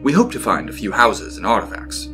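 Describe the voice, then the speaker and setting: Brief: man doing a thoughtful professor, low voice, lively pitch. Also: a little fast, music in the background. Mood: reflective. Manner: reflective, storytelling. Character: middle-aged male archaeology professor.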